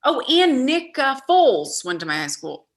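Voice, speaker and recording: A woman's voice: high voice, very animated, moderate pace. A woman from Texas on a comedy panel, giggly and playful in casual banter.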